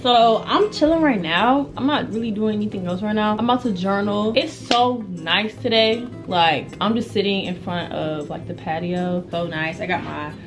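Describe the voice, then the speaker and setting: A woman's voice: medium pitch, normal speed, few pauses. Chatty young woman vlogging, music underneath. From United States. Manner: chatty, slangy, self-interrupting. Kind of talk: casual vlog chat. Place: at home. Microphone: camera or phone mic. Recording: music playing behind.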